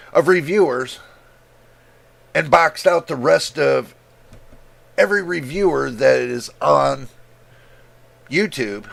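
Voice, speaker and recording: Here a man reviews tech on a livestream, his casual rant heated and emphatic, with repeated words for stress and the odd cough. The voice is on the high side, creaky, with a fairly bright tone.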